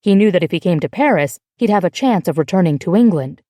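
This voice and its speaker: A woman reads a novel aloud in an even, measured way, her voice mellow and warm. The recording is dry and close, with no room echo. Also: on the low side. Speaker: audiobook narrator. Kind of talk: scripted narration.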